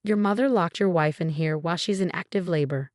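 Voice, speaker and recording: A protective friend who talks fast and sharp in a crisis, as a woman narrator puts her on. Heard close and dry, in a storybook reading. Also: fairly low pitch, dry recording, close to an everyday voice. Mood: urgent. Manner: urgent, sharp.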